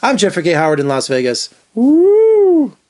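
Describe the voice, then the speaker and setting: A man's voice: high-pitched, expressive, fairly quick, a little mellow. A man giving a casual, opinionated movie review as a film critic, talking loosely with lots of fillers and restarts.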